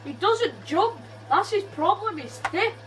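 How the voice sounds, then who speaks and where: A high, lively woman chatting over a co-op zombie shooter. Her pitch leaps around as she yells warnings, chants silly lines and swears under her breath. The talk stays quick and playful throughout. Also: far from the mic. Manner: excitable, swears, chants and shouts in play. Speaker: gamer. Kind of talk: co-op gameplay banter.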